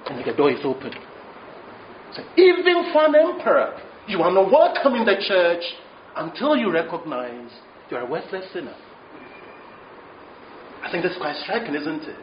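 Male preacher, high lively voice, echoey dull recording. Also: normal speed, slight background noise. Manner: switches between English and Twi, animated storytelling. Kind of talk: sermon with interpretation. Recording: echoey room, dull lo-fi sound.

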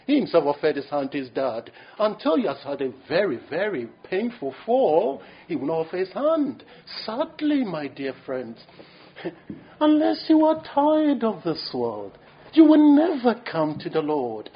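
A man's voice: high voice, very animated, normal speed. A man preaching a sermon in an earnest, pleading way, with frequent restarts and fillers. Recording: muffled lo-fi sermon recording.

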